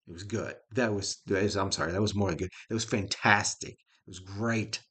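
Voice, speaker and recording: A man's voice: on the low side, normal speed, few pauses, sharp tone, breathy edge. A middle-aged man giving a casual, rambling spoken review of a show, folksy and chuckling often.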